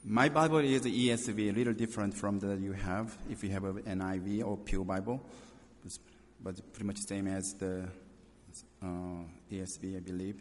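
Halting guest preacher in an echoing hall. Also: male voice, deep voice, fairly even intonation. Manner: halting, with fillers and non-native grammar. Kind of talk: sermon with scripture reading. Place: church. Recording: reverberant church hall.

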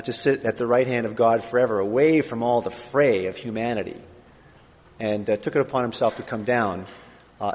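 A male pastor preaching a sermon in a relaxed, conversational way, with pauses and fillers. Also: medium pitch, slightly rough. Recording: long reverb of a large hall.

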